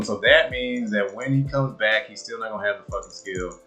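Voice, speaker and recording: A man giving live commentary on his own game match, swearing often and swinging from low muttering to loud outbursts. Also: fairly quick, hardly any pauses, faint music behind. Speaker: gamer and video creator.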